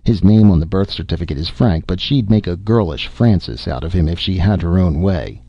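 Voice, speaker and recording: Guy reading gruff folksy old doctor, teasing, low voice, dry muffled audiobook recording. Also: brisk, dry recording.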